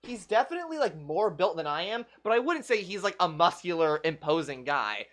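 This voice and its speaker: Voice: medium pitch, big pitch swings, a little fast, a bit bright. A young adult game streamer chatting casually with viewers on a livestream, telling a rambling story full of "like" fillers.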